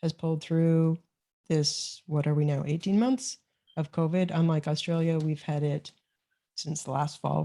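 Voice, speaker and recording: A woman from Canada introduces herself on a group video call, relaxed and friendly. Her voice sits very low and sounds mellow and dark. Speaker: podcast guesting consultant.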